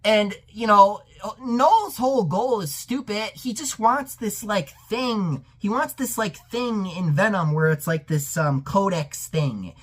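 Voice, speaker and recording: A man giving a profane, exasperated ranting film review that breaks into sudden yelled outbursts. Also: sits high, slow pace, few pauses. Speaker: movie reviewer.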